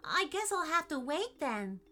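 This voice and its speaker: A woman voicing a gentle, earnest young boy in a storybook reading. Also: high-pitched, very animated, unhurried, faint music behind, pitched above the performer's own voice, full character voice.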